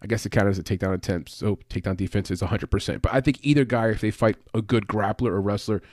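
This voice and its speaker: A man talks quickly and casually as he breaks down fight picks, full of fillers and quick self-corrections. The sound is dry and close, with no room around him. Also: fairly low pitch, darkish tone, no room sound. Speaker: MMA betting podcast host. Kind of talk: casual fight-pick analysis.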